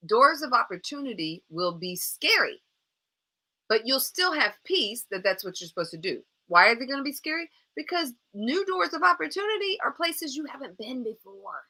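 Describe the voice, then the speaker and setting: A woman leads a live motivational coaching broadcast. Her voice is bright and forceful. She speaks straight to her viewers and repeats phrases with energy to drive each point home. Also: sits high, normal speed. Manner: encouraging and animated. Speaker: life coach hosting a live show.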